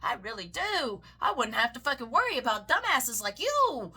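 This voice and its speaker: A woman's voice: sits high, very animated, moderate pace, pushed and bright, slightly rough. A Southern woman giving heated, profane political commentary, swinging into mocking shrieks. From American South.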